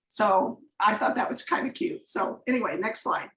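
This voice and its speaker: A woman's voice: mid-range voice, measured pace, a bit bright. A woman giving a chatty, rambling slide presentation on a coaching video call, drifting into personal anecdotes. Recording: echoey room on a video call.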